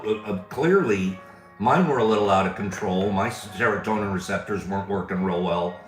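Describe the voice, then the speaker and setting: A man's voice: lowish voice, roomy sound, low-quality recording. A man hosting a live show who talks casually about recovery and laughs easily. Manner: laughs often, easily cracks up. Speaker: livestream host.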